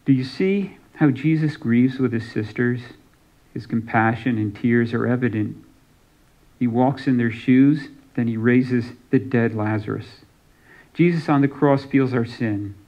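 A man's voice: mid-range voice, measured pace, muffled recording. A man preaching a sermon as pastor, reading scripture aloud and giving some lines dramatic emphasis.

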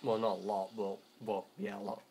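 A teenage boy talks through his gameplay at home, rambling and backtracking as he goes. His voice sits a little low, and he is quick to grumble when things go wrong. A faint hiss runs under the recording. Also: level tone, gravelly, mellow. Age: teens. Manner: rambling, self-correcting, quick to frustration. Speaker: gamer. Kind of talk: gameplay commentary.

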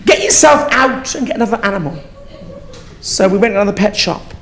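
A man's voice: sits high, fairly quick, a bit bright, a little hiss or hum. A man playing a brash, gossipy old East End woman, telling rambling, bawdy stories on a theatre stage. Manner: bawdy, rambling storytelling with swearing. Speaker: comedian in drag character. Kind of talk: live stand-up character comedy.

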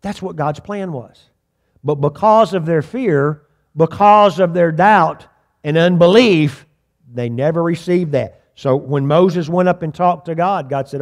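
A man preaching a sermon as pastor, telling a story dramatically with sudden shifts between loud bursts and quiet asides, and asking the congregation questions. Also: a little high, moderate pace. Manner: repeats words when starting sentences; addresses the congregation directly with questions.

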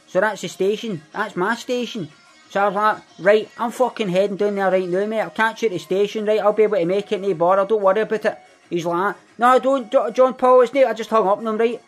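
A man playing a swaggering young Glaswegian thug. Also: high voice. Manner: rambling, boastful, heavy swearing. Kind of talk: comedic character monologue.

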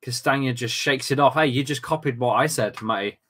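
A man hosting a football watchalong, commentating live with loud outbursts, swearing and casual banter with friends. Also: medium pitch, a little fast. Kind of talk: excitable live match commentary.

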